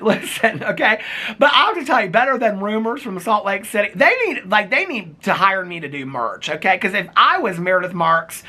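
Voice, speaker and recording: Bright, gossipy middle-aged man vlogging. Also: sits high. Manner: animated and gossipy, laughs often, repeats catchphrases. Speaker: reality TV recap YouTuber. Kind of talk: casual chatty recap to camera.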